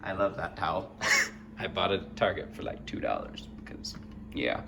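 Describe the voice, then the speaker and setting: Bubbly young man with lively pitch. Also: normal speed, gravelly, heavy background noise. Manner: bubbly, self-mocking, laughs often. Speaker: vlogger. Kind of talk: casual kitchen vlog. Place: home kitchen.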